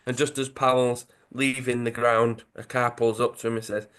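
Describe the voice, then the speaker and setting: This Dudley-accented podcast co-host speaks at a normal pace in a mid-range voice. Retelling a funny football tale in a relaxed way, he performs the quoted lines with plenty of animation and keeps correcting himself.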